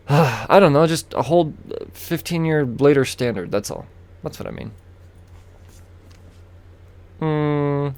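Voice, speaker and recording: A man hosting a casual solo podcast, rambling and chatty, repeating himself and breaking off into asides. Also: medium pitch. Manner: rambling, chatty, self-interrupting with fillers and repeats. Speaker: podcast host. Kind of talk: casual solo comic book chat.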